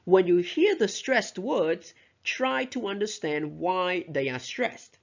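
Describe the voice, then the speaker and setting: A teacher lectures on pronunciation, working through it step by step and saying example sentences aloud as models. Her mid-range voice is gravelly and expressive, and she speaks slowly. The recording sounds dull and lo-fi.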